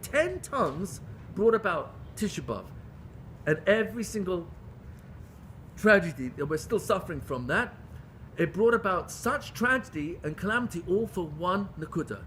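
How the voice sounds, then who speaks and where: A man's voice: high voice, sing-song, moderate pace, fairly bright tone, slight background noise. A man teaching a Torah class in English, speaking with pleading intensity, restarting phrases often and mixing in Hebrew terms. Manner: impassioned, pleading, with frequent restarts.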